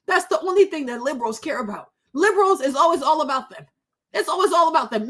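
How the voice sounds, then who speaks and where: A high-pitched woman in her thirties hosts a commentary vlog. She talks in a tearful, emotional way. She repeats her lines again and again as she rants. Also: lively intonation, fast talker, fairly bright tone. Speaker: vlog host.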